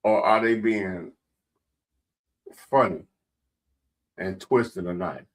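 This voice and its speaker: A man co-hosts a casual radio talk show, telling stories and asking leading questions. His voice sits low and he speaks slowly.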